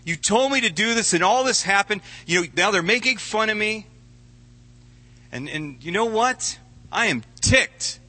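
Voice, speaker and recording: Man playing a fed-up prophet, indignant, bright forceful pitch pushed high. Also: animated, a little slow, big-room sound, heavily acted. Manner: indignant, raised and pleading. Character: exasperated prophet, man complaining to God.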